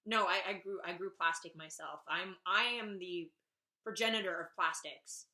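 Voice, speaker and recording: A woman's voice: on the low side, moderate pace, bright, forceful tone. A young woman vlogging a casual rant, exasperated and sarcastic, swearing freely.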